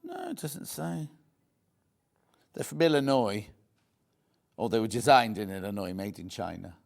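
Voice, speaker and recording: British male shopping-channel host, lively banter, keeps repeating the price. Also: on the low side, a little slow, vocal fry. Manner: chatty, jokey, repeats prices. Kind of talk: live TV sales pitch. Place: TV studio.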